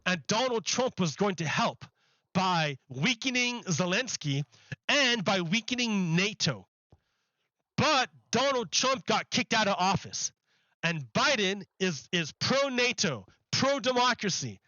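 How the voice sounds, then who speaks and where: Man, high bright voice, rambling political streamer, dry and slightly dull mic. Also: very animated, measured pace, no room sound. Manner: rambling, repeats words, mocking put-on quotes. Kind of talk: live-streamed political commentary.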